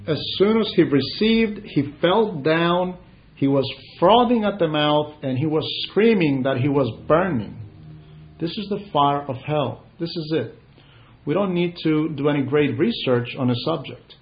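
Male preacher, earnest and measured, somewhat high, muffled old recording. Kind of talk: sermon. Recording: dull lo-fi recording.

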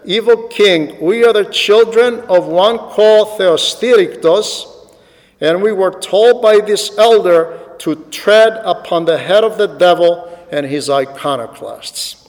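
A man's voice: sits high, measured pace, in a large hall, voice pushed up, poor audio. A man voicing a brave, defiant young male monk who speaks boldly. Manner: bold, defiant.

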